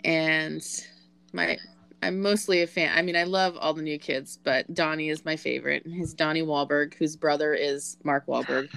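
A woman co-hosting a podcast who chats with small hesitations and then reads the show's sign-off smoothly and steadily. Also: low-pitched, normal speed. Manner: hesitant with fillers in chat, smooth and steady when reading the sign-off. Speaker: podcast co-host. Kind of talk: casual chat, then a read-out outro.

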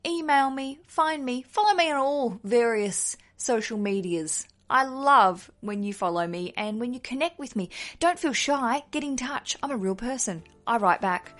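A woman hosting a wedding podcast, chatting in a bubbly, effusive way. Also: on the high side. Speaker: podcast host. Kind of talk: casual podcast chat.

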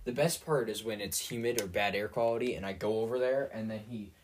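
A man's voice: on the low side, a little fast, recorded from a distance, a little hiss or hum. A teenage boy hosting a podcast, ranting in a rambling, sarcastic way with lots of fillers and restarts. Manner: sarcastic and self-mocking. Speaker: podcast host. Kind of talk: rambling solo rant.

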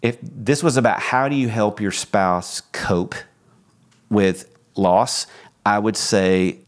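Middle-aged male podcast host, low register, earnest and reflective, casual chat delivery. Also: steady tone, takes it slowly.

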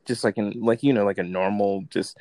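A man's voice: lowish voice, fairly even intonation, a little fast, a little mellow, dry recording. A man talking as a guest on a podcast in casual, rambling chat, full of "like" and "bro" and swearing. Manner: rambling, laid-back, swears, says like and bro.

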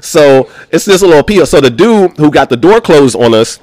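A man from Baltimore, a podcast guest, telling a story in a slangy, animated way and acting out the voices of the people in it. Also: fairly high pitch, brisk, no room sound. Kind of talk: casual storytelling.

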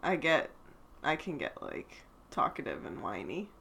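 A young woman co-hosts a relaxed podcast, chatty and prone to wandering off into asides. Her pitch swoops around a lot, and her voice is bright. She sits a little low in pitch for a woman. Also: a little slow, vocal fry, breathy edge. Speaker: podcast co-host. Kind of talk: casual chat.

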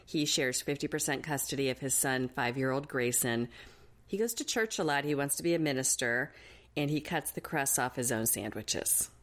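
A young woman co-hosting a casual recap podcast, animated and laughing often. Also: very deep voice, normal speed. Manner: animated, laughing, mimics people she talks about. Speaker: podcast co-host.

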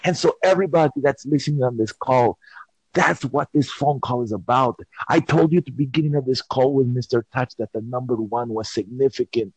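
A husky man rambles through an absurd tall tale with theatrical flair. He drops into hushed whispers and mock voices as he goes. The sound is dry and close, with no room around it. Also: medium pitch, brisk, no echo. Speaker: caller telling a comic story. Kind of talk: playful improvised storytelling.

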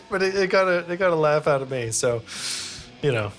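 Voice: mid-range voice, lively intonation, fairly quick, soft background music. A podcast co-host in casual banter, teasing and laughing.

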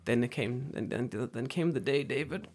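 A man's voice: mid-range voice, moderate pace, darkish tone. A man co-hosting a podcast, telling a story in casual chat, swearing freely and mimicking others in sarcastic voices. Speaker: podcast co-host.

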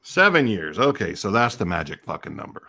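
A man's voice: deep voice, sing-song, brisk, bright, forceful tone. A middle-aged man co-hosting a casual podcast, ranting in profane, incredulous bursts. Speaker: podcast co-host. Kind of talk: casual chat.

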